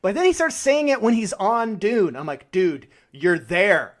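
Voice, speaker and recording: Extremely high-pitched and very animated, this male podcast co-host talks films casually at normal speed. He laughs a lot and swears freely.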